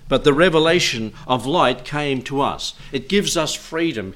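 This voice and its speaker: A man's voice: medium pitch, expressive, a little slow, hardly any pauses, fairly bright tone. A man preaching a sermon, reading scripture aloud in old-fashioned wording and urging his listeners on in an earnest, exhorting way.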